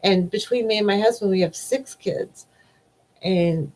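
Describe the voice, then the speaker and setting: A woman in her forties chats slowly on her live stream, reacting to viewer comments in a rambling, heartfelt way. She often trails off and repeats herself, taking her time between thoughts. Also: a little high, a little mellow, low-quality recording. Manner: rambling, emotional, trails off with repeated "I don't know". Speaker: livestream host.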